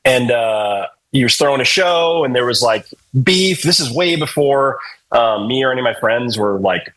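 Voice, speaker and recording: A man's voice: medium pitch, animated, normal speed, fairly bright tone, rough recording. A man from New Hampshire, a podcast guest, telling casual stories in a laid-back way, swearing freely, with lots of fillers. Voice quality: husky. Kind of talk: casual storytelling.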